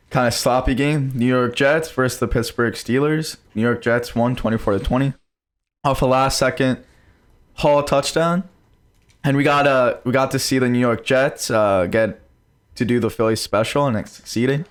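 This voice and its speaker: A young man with a smooth, clear voice chatting about sports on a podcast. He talks fast and animated, rambles through his points with quick restarts, and has a bit of the hiccups. His pitch sits in the middle for a man. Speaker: podcast co-host. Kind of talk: casual sports chat.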